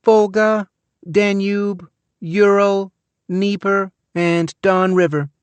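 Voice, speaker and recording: A man reading an audiobook and voicing a young girl, a bookworm who rattles off answers flatly. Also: high voice, slow pace, smooth, no echo, voice pushed up. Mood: listing, offhand.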